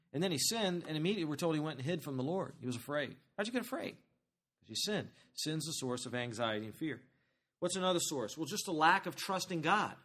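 A man preaching a sermon as pastor, talking to the congregation in a conversational, animated way and asking them questions. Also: on the high side.

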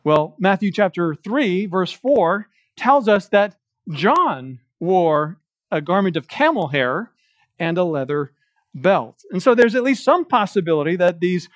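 A man with a notably high voice preaching verse by verse through a passage. He leans hard on quoted lines, slowing to stress each word. The sound is close and dry, with little room around it. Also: sing-song, no echo. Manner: emphatic preaching with slow, stressed quotations of scripture. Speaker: pastor. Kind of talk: expository sermon. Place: church.

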